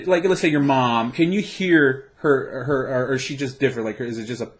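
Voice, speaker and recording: A man's voice: medium pitch, fairly quick, hardly any pauses. Casual male co-host, rambling delivery, swears freely, plenty of restarts and stumbles. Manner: rambling, profane, with many restarts. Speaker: podcast co-host. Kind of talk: casual chat.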